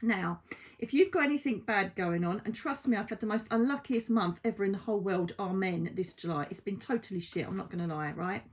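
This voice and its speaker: A woman giving a casual oracle card reading at home, chatty and blunt, with swearing and lively asides. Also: medium pitch, a little fast. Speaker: psychic card reader. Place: at home by window blinds.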